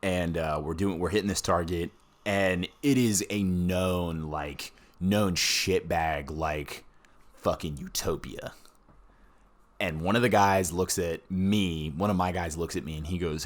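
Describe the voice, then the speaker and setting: Man, very deep voice, veteran guest, casual profane storytelling, laughs a lot. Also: steady tone, unhurried. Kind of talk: casual podcast chat.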